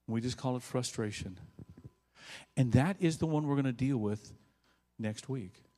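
A male pastor preaching a sermon, swinging from loud bursts to quiet, low asides. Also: measured pace. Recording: long hall reverb.

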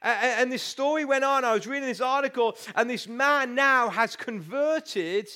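High bright-voiced pastor preaching. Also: male voice, normal speed, clear, resonant tone. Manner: storytelling, animated and conversational. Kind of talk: sermon.

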